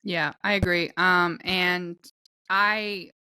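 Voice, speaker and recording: A woman co-hosts a casual podcast from her home, and her voice has a crisp, bright edge. She is chatty and often stops partway through a thought to start again. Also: fairly low pitch, flat delivery, slow. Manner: chatty, breaks off her own sentences. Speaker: podcast co-host.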